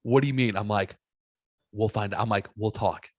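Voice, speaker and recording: A man's voice: lowish voice, fairly even intonation, moderate pace, a little mellow, no room sound, lo-fi sound. A man in his thirties telling a story in casual podcast chat, blunt and profane, acting out both sides of the conversation. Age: 30s.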